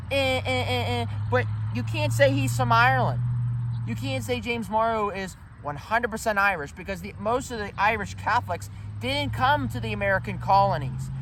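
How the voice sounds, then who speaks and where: A man giving an emphatic, rambling history talk to viewers while standing outdoors in a cemetery, calling them ladies and gentlemen. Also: high voice, slight background noise. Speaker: history vlogger. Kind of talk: walk-and-talk history vlog.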